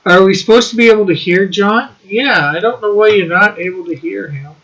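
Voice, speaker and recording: A man's voice: sits high, brisk, sharp tone, rough recording. A man hosting a casual livestream, reading chat messages aloud and laughing often between lines.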